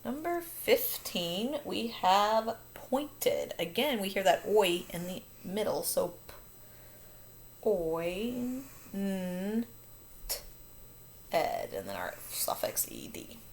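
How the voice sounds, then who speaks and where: A woman's voice: mid-range voice, sing-song, takes it slowly, creaky, few pauses. Woman teacher doing a phonics lesson, upbeat + patient, faint background hiss. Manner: upbeat, patient, self-correcting.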